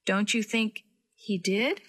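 A woman voicing a tired, weak old grandfather in a storybook reading, speaking slowly and quietly. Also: mid-range voice, breathy edge. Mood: weary. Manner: slow and hushed.

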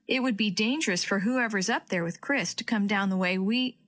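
Storybook grandpa, patient and steady, unhurried; a woman reads him. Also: medium pitch, close to an everyday voice. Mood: calm. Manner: slow, steady, reassuring. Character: patient, calm old grandfather, injured.

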